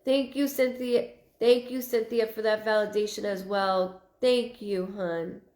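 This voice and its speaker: A woman of middle pitch giving live-stream psychic readings, her words coming in broken, repeated bits as she thinks aloud. She reads viewers' comments out loud between readings, and the room around her rings with a noticeable echo. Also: steady tone, unhurried. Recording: roomy echo.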